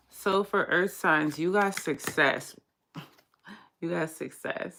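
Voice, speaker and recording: Low gravelly-voiced woman reading cards. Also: takes it slowly, slight background noise. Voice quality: gravelly morning voice. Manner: relaxed, low-key and chatty, says her morning voice is monotone. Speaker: tarot card reader. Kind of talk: casual livestream card reading.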